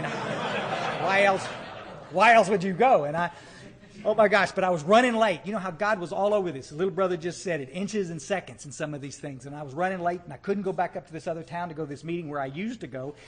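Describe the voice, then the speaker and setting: A man telling his recovery story to a live meeting in a folksy, animated way, often checking in with the audience. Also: on the high side.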